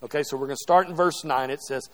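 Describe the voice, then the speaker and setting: A middle-aged man with a fairly high voice talks quickly as he teaches a Bible class to a group, keeping it conversational and interactive. He checks in with "okay?" as he goes, in what sounds like a classroom or church hall.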